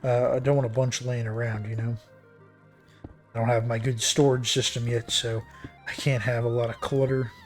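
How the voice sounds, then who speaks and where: A man chatting casually to himself while building in a game, pausing to think and muttering his plans. His voice sits at a middle pitch, and faint music plays underneath. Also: level tone. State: hiccuping. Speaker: streamer.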